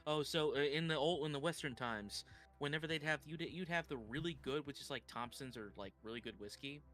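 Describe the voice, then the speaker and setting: A man's voice: on the high side, a little fast, fairly bright tone, soft background music. A man hosting a reaction stream, talking casually and swearing freely while telling stories.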